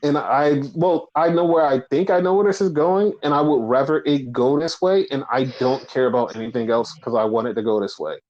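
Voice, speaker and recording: Recapping wrestling in a casual chat, this male podcast co-host talks fairly quickly with few pauses, in a medium-pitched, darkish voice. He rambles, leans on fillers, and acts out quotes, all on slightly dull lo-fi audio.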